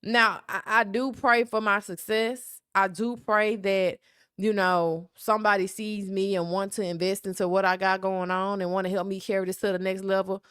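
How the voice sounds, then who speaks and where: With a Southern accent, a young South Memphis woman hosts a solo podcast, candid and emphatic, regularly checking in with "right?" Her mid-range voice is smooth and a bit bright, with little pitch movement, at normal speed. It's studio quality with no room sound.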